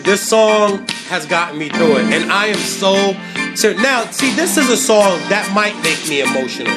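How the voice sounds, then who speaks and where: A man in his forties hosting a sports talk show from a studio, hyped and animated, hoarse from laryngitis. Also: high-pitched, normal speed. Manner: hyped, animated, laughing, sings along. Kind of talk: casual livestream chat. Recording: music playing loudly behind. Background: music playing.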